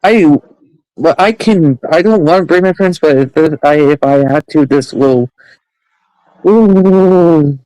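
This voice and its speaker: A man's voice: a little high, slow, dark tone, clean tone, dry recording, low-quality recording. A man streamer ranting heatedly on his livestream, repeating himself and restarting sentences.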